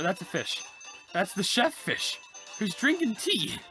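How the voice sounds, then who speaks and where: A woman hosting a casual let's-play, chatty and excitable as she gushes over cute details. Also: mid-range voice, unhurried, faint music behind. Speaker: gaming channel host.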